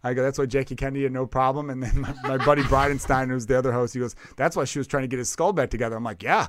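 A man's voice: medium pitch, steady tone, racing, few pauses, background noise. A man who is a comedian, hosting a casual podcast chat, rambling and swearing as he trips over his own sentences. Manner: rambling, profane, self-interrupting.

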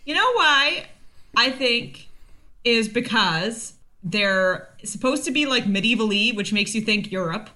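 A woman with a bright, clear voice co-hosts a casual podcast. She is chatty and playful and slips into quick impressions of characters. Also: on the high side, expressive. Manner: chatty, jokey, acts out characters' lines. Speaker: podcast co-host. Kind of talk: casual chat about a TV series.

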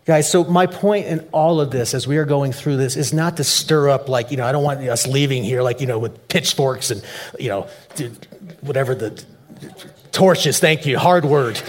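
A man preaching a sermon, shifting between soft low asides and loud, emphatic peaks. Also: moderate pace. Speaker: pastor.

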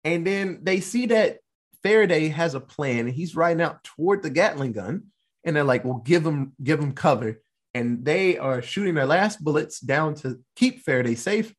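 A man hosting a casual podcast and recapping a movie in an animated, swearing, laughing storytelling style. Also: on the high side, normal speed. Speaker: podcast host.

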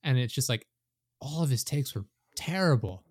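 A man's voice: mid-range voice, normal speed, no echo. Casual rambling man, dry close sound. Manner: rambling, animated when annoyed, swears. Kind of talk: casual podcast chat about soccer.

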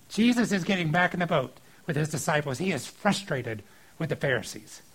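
A man preaching a casual sermon on a scripture passage, informal and animated, breaking into acted-out quotes. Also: a little high, a little fast, breathy edge, poor audio. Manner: informal and animated, acting out quotes with filler likes.

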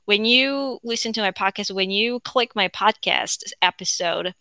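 Young korean lady rambling on her home podcast, bright voice, dry close sound, lots of ums. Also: mid-range voice, unhurried, clean tone, dry recording. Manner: rambling, chatty, frequent fillers and self-corrections. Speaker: podcast host. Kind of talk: unscripted casual monologue. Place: at home with her dog beside her.

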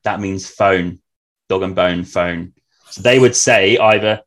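Deep-voiced southern English man. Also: takes it slowly, a bit bright. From southern England. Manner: explains things patiently with examples. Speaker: podcast host. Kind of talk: casual chat.

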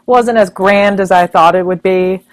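Woman co-host, average pitch, frank casual movie chat with easy laughs. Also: fairly even intonation, normal speed. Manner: frank, blunt, laughs often. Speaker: podcast co-host.

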